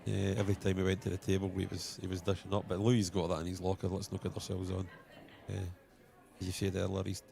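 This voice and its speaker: A man's voice: low-pitched, monotone, quick pace, creaky, dark tone. A Scottish man commentating live on a pool match, chatting colloquially and telling anecdotes.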